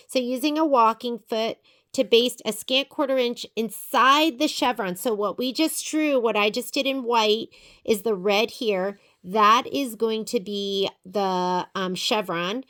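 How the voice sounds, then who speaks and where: A woman with a somewhat high voice walks through a quilting project step by step. She is chatty and thinks aloud as she goes. Now and then she drifts away from the mic while she works. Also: fairly bright tone. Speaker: sewing instructor. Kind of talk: quilting tutorial.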